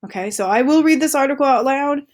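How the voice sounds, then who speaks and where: A woman's voice: high-pitched, lively intonation, fast, very noisy. A woman teacher reading an article aloud to her students in a chatty, upbeat way with casual asides.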